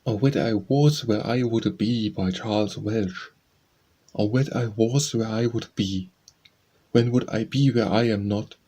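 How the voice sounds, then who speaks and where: A man's voice: fairly low pitch, measured pace, dark tone, breathy edge. A man reading nursery rhymes aloud as an audiobook, in a sing-song, rhythmic recitation. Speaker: audiobook reader.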